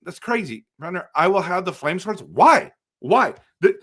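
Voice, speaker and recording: A man hosting a casual live stream for viewers, excitable and exasperated, breaking into loud outbursts. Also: sits high, a little slow, few pauses. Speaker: livestream host.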